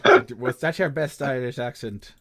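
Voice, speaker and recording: A man narrating as game master, talking slowly with many halting restarts and laughs. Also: mid-range voice, animated, a crowd in the background. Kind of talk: narrating a tabletop game over voice chat.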